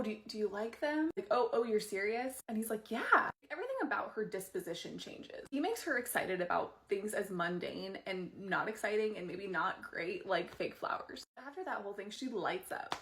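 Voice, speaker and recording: A woman races through her thoughts on a TV episode. She talks quickly and with excitement, sharing strong opinions. Now and then she drops into a whispered aside. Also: medium pitch. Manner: animated, opinionated, gushing, occasional whispered asides. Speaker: fan commentator. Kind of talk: rapid-fire TV episode commentary.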